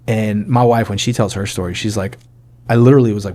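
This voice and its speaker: A man in his forties shares his personal testimony as a podcast guest, speaking in a fairly low voice. He tells the story casually and animatedly, slipping into the voices of the people he quotes. His talk is loose and full of fillers. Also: brisk. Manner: animated, acts out quoted dialogue; casual, many fillers like "like" and "you know". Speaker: podcast guest, army sergeant major.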